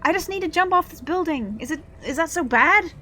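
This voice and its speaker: A woman streaming a video game, reacting with excitable, swear-filled casual commentary. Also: extremely high pitch, fairly quick.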